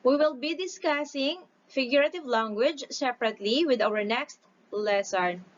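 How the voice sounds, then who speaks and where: A woman teacher giving a recorded lesson, explaining slowly and deliberately, stretching out syllables when she reads example lines aloud. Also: high voice, animated, a little hiss or hum. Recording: dull lo-fi recording.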